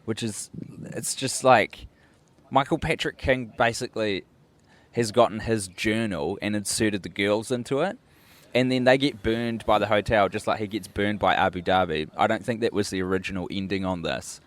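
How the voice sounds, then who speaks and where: A man's voice: lowish voice, moderate pace. A New man co-hosting a podcast over a remote call, rambling wryly and apologising for his own incoherence. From New Zealand. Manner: wry, self-deprecating rambling. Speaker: podcast co-host. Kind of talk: casual chat. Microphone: remote call, home mic.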